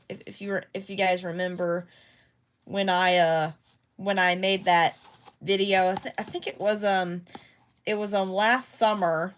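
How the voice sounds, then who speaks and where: A woman's voice: mid-range voice, fairly bright tone. A woman vlogging casually at home about her craft projects, rambling and hesitant with many restarts. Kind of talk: casual talk to camera.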